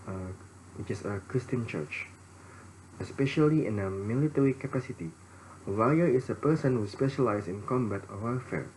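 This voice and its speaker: A man's voice: mid-range voice, darkish tone, rough recording. A young man giving a student presentation, reading his notes with frequent fillers and false starts. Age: young adult. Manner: halting, many fillers and restarts. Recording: faint background noise.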